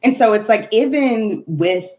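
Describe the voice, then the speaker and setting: A woman's voice: fairly high pitch, expressive, unhurried, dark tone. A middle-aged woman speaking as a guest on a podcast, earnest and thinking aloud, often checking in with "right?". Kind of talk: casual conversational chat.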